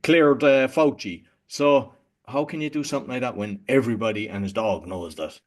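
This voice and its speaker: A man's voice: mid-range voice, moderate pace. Easygoing male podcast host. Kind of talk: interviewer asking questions.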